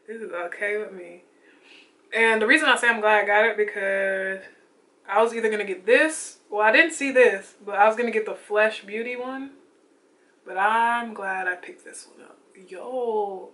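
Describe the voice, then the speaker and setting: Bright-voiced chatty young woman vlogger. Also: mid-range voice, normal speed. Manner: chatty and excitable, with slangy asides. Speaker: beauty vlogger. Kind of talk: casual get-ready-with-me chat. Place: home, doing makeup.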